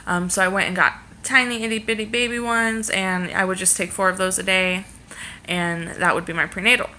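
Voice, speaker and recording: A woman's voice: medium pitch, steady tone, brisk, bright, forceful tone, slight background noise. A pregnant young woman chatting casually to camera in a rambling way, with many fillers. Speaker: vlogger.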